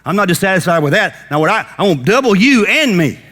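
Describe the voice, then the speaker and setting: Pastor, male, bright high voice, folksy animated sermon delivery. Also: fast. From United States. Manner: animated preacher acting out Bible characters in folksy talk.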